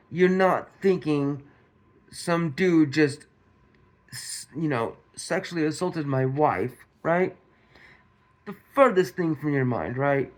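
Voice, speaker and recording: Slow-talking man ranting to viewers. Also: a little high, expressive. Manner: repetitive, restarts, rhetorical questions to viewers. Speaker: commentary channel host. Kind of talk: casual commentary monologue.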